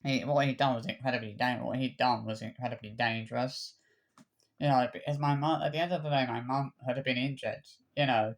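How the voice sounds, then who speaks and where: A man ranting to camera, halting and repeating himself, swearing freely. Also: mid-range voice, steady tone. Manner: halting, many stammered restarts and repeated words. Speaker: vlogger. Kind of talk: angry personal rant.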